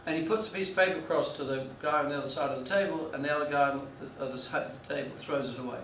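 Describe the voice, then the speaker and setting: Halting male lecturer in an echoey room. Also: a little high, fairly bright tone, slight background noise. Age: 40s. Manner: halting, many restarts and fillers. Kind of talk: classroom lecture with anecdotes. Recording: echoey room, mic from a distance.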